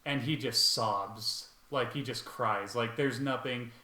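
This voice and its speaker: A man's voice: medium pitch, slow pace, sharp tone. A man playing a tabletop role-playing game, describing his character's actions in a casual, rambling way full of fillers. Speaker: player. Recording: echoey room with faint noise.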